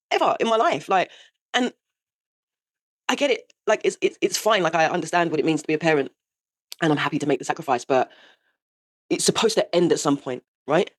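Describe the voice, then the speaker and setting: A woman in her forties, host of her own show, telling a raw, sweary confession and laughing through the pain. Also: lowish voice. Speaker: podcast host. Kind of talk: candid confessional monologue.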